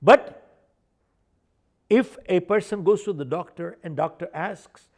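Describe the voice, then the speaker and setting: A man's voice: sits high, takes it slowly, pauses often, a little mellow. An older man, an author and speaker, telling stories in an interview and driving his points home by repeating them. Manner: emphatic, repeats points for stress. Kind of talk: animated interview storytelling.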